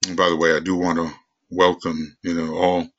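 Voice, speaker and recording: A man teaching esoteric lore and leading a group meditation, talking quickly and rambling with many fillers. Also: sits low, monotone, muffled recording. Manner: speaks quickly. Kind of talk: esoteric lecture and guided meditation.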